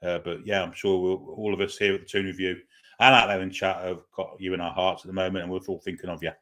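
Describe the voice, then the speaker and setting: A fast-talking man with a low-pitched, slightly bright voice and little pitch movement. On his live football watchalong he chats casually ahead of the match, hesitating with plenty of fillers and reading viewers' comments aloud before he answers them.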